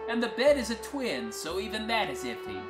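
A woman telling a crude, wry first-person comic story in a deadpan way. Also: medium pitch, fairly quick. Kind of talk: first-person comic monologue over music. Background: acoustic guitar music.

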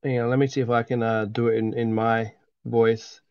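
A co-host chats casually between book chapters, hesitating and reaching for words. The voice sits at a middle pitch. The recording is dull and lo-fi. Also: level tone, moderate pace, a little mellow, clear, resonant tone. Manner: hesitant, many fillers. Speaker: co-reader of a fan audiobook. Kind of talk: casual chat.

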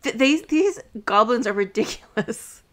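A woman's voice: on the high side, lively intonation, a little slow, a bit bright. A woman co-hosting a podcast in casual chat, sarcastic and mock-indignant, with some swearing. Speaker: podcast co-host.

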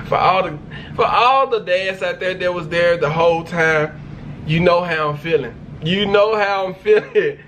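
A high-voiced man reacts on camera in loose, slangy talk. He gushes, repeats lines and keeps turning back to his viewers. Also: unhurried, fairly bright tone, slight background noise. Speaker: reaction video host. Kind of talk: casual reaction commentary.

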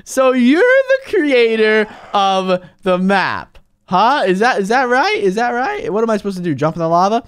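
Excitable young man gaming, lively pitch. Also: moderate pace, clear, resonant tone. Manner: excitable, shouts and laughs, big swings between mumbling and yelling. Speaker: gaming YouTuber. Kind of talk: excited gameplay commentary.

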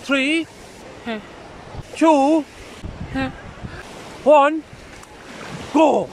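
An actor playing a blunt, grumbling older man at the beach, gruff and teasing. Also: very high voice, very slow, a little mellow, full character voice, low-quality recording. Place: outdoors at a windy beach. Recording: wind and waves noise. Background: wind and surf.

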